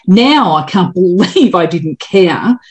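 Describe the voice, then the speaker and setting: A woman in her fifties hosts a podcast with frank, chatty talk and easy laughs. Her voice sits somewhat low for a woman. She speaks casually and openly. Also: big pitch swings, slow pace. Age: 50s. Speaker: podcast host. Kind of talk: casual chat.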